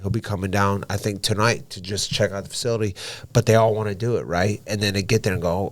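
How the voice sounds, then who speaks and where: A man's voice: lowish voice, a little fast. A man who is a professional boxer and gym owner, telling stories in casual podcast talk, swearing freely and acting out conversations. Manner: animated storyteller, swears freely, acts out dialogue.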